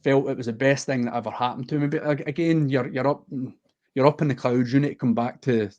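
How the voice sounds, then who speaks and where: A man's voice: mid-range voice, fairly even intonation, fast talker, darkish tone, highs cut off. A man from the west of Scotland with a Scottish accent, a podcast guest telling a personal story in an earnest, heartfelt and unguarded way.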